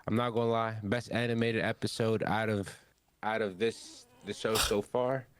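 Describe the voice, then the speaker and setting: A young man on a podcast, casually recapping an anime episode and acting out the characters' lines in an animated way. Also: on the low side, normal speed, background noise. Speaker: podcast co-host.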